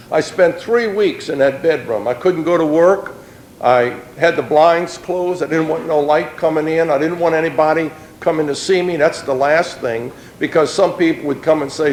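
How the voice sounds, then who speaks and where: A middle-aged man tells his personal testimony in an earnest, plain-spoken way. His voice sits a little high for a man. The sound is roomy and echoey, with a faint low rumble behind him. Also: animated, normal speed. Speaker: speaker giving a personal testimony.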